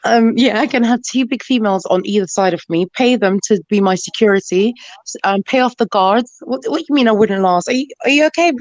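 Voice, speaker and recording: A woman's voice: a little high, dry recording, highs cut off. Cheeky joking woman on a livestream panel. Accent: London. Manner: joking, cheeky, quick asides. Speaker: panel caller. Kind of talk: casual live chat.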